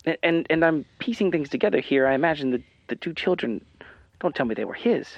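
A nervous, halting caller, voiced by a woman, who keeps stumbling and starting over. The voice is lower than her own and sounds dull and distant, as though coming from off the mic. It stays dry, with no room around it. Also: lively intonation, dry recording. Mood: worried. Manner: hesitant, halting. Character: hesitant worried man on phone.

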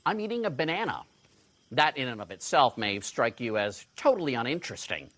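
A man's voice: medium pitch, very animated, brisk, fairly bright tone, dry recording. A man presenting a light news feature, playful and chatty, moving between narration and interviews. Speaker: correspondent.

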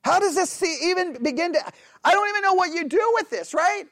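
A man preaching an animated sermon, full of rhetorical questions and acted-out voices of churchgoers. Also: very high-pitched, brisk, no echo.

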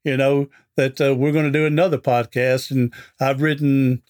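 A man's voice: medium pitch, level tone, moderate pace, darkish tone. A middle-aged man, a guest on an interview podcast, telling a folksy anecdote in a chatty way and acting out the dialogue. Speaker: interview guest, author and speaker.

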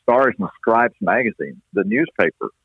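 A man from East Texas, a baseball play-by-play announcer, telling stories in a folksy, unhurried way with many restarts, heard over a phone line. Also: fairly low pitch, lively intonation, slightly rough, dry recording. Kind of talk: storytelling interview chat. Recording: dry tinny phone-line sound.

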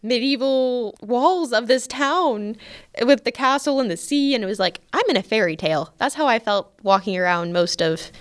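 A woman's voice: on the high side, lively intonation, moderate pace, smooth. Enthusiastic young American woman. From United States. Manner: enthusiastic, giggly, says "like" often. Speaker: guest. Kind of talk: casual conversation.

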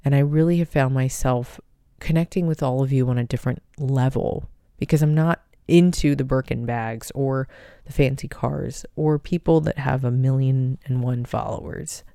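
A woman hosts her own podcast in a gentle, heartfelt, unhurried voice. Her tone is dark and mellow, with a gravelly edge. The recording is close and dry. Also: a bass voice, no room sound. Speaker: podcast host. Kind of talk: personal podcast talk.

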